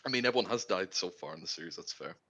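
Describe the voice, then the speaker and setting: Bright-voiced, giggly male gamer. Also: sits low, lively intonation, racing. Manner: playful, giggly, does impressions. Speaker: co-host guest on a stream. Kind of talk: casual let's-play banter.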